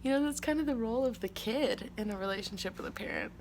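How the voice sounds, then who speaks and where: A woman's voice: a little high, fast, a little hiss or hum. A young woman hosting a casual confessional monologue, rambling and profane, full of "like", sometimes tearful. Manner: rambling, profane, emotional, with frequent "like". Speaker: podcast host. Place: outdoors at her home by a street.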